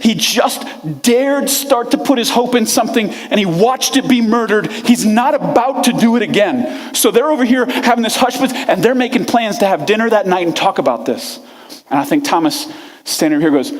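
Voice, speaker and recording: Pastor, male, chatty storytelling sermon, slightly high voice, long hall reverb. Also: brisk. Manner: animated, conversational storytelling. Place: church sanctuary.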